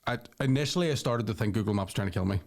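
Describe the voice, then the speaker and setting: A man's voice: fairly low pitch, expressive, racing, darkish tone. A man with a Northern Irish accent, a comedian co-hosting a podcast, telling a rambling story and checking in with "right?" at every turn; he sounds tired.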